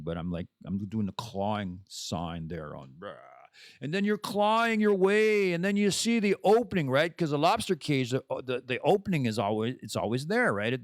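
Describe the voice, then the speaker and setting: A man talking candidly on his podcast, with a lively voice that rises and falls a lot. He rambles from point to point, and the sound is close and dry, with no room echo. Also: medium pitch. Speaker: podcast host. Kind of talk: casual monologue.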